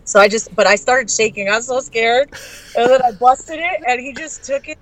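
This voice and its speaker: A woman guest on a podcast, telling a story in a brash, profane and animated way. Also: on the high side, normal speed, low-quality recording. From Arizona.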